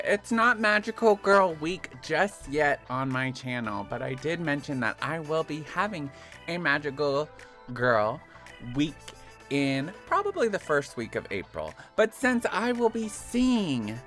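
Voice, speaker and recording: Upbeat man hosting a gameplay video. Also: a little high. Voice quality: enthusiastic, expressive. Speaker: gaming channel host. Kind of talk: let's play commentary.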